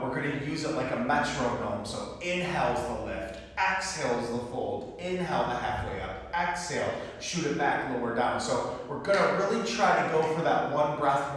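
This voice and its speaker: Yoga teacher in an echoey studio. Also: male voice, medium pitch, a bit bright, slight background noise. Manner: cueing poses in rhythm with the breath. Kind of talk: live yoga class instruction. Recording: echoey studio with long reverb, mic far off.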